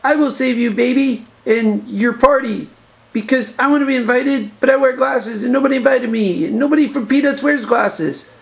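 A man voicing an earnest nerdy boy with glasses and a BB gun in a home-made comedy movie, delivering lines deadpan. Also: very high-pitched, normal speed, vocal fry. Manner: deadpan, plodding announcement-style lines.

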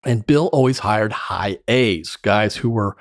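A middle-aged man, once a sales director, appears as a podcast guest in a casual storytelling interview, spinning animated tales and laughing often. His voice sits fairly low and unhurried, recorded at studio quality with no room sound.

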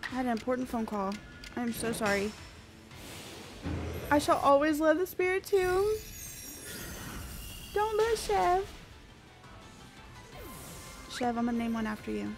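A woman, chatting excitably with viewers while she streams a game. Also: high voice, a little slow, pauses often, faint music behind. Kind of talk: casual live-stream chat.

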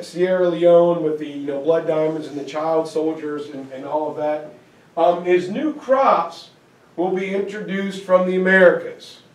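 A high-pitched man with a darkish tone delivers a relaxed history lecture in a lecture room, heard distantly with heavy echo. He chats with his class, using lots of fillers and checking in with them often.

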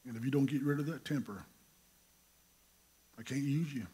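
A man voicing God speaking to him, grave and measured. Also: mid-range voice, dark tone, slightly rough, natural voice. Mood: stern. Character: stern, calm voice of God.

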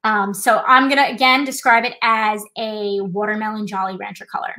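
A woman's voice: mid-range voice, steady tone, normal speed, sharp tone, rough recording. A woman hosting a live trivia night, chatting casually and explaining things step by step with a self-deprecating touch. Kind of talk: casual live-stream demonstration.

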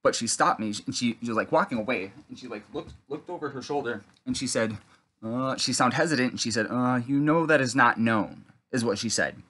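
Man, rambling monologue, halting, clears throat often, earnest preaching. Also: medium pitch, bright, forceful tone. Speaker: vlogger recounting a dream.

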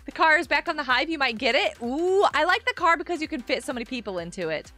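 A woman hosting a casual gaming live stream, chatting with viewers in a bubbly, animated way with gasps and laughs. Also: high voice, fast talker, soft background music. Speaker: livestream host.

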